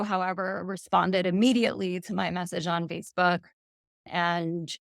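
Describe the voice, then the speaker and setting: A woman's voice: fairly low pitch, gravelly, no room sound, clean studio sound. A woman in her thirties, a podcast guest, earnestly retelling a personal story and quoting messages aloud.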